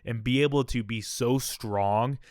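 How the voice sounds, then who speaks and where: A man's voice: medium pitch, measured pace, darkish tone, no echo, studio quality. A young man hosting a podcast, telling a candid and emotional personal story, often checking in with "all right?". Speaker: podcast host.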